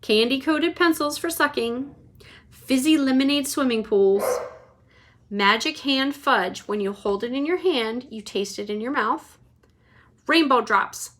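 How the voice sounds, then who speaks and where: A woman reading a children's chapter book aloud to her child, lively and expressive. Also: sits high, unhurried, slight background noise. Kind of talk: bedtime read-aloud.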